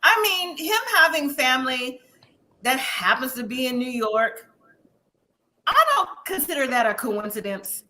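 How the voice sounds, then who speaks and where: Woman co-host, casual live review chat; high, bright, animated and quick to laugh. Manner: animated, laughs often, asks rhetorical questions. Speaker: podcast co-host.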